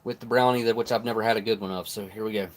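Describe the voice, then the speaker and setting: A man's voice: fairly low pitch, very fast. A man reviewing old military rations on a live stream, chatting casually and eating as he talks. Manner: relaxed, chatty, talks while chewing. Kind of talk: live stream food tasting.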